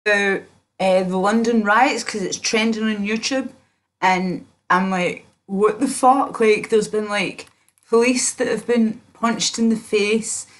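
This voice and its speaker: A young woman from Scotland rambles to her livestream chat from home, swearing freely and drifting between the news and her own sore back. Her voice sits at an ordinary middle pitch, picked up by a simple webcam or phone mic. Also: steady tone, takes it slowly. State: sore back, just out of the shower.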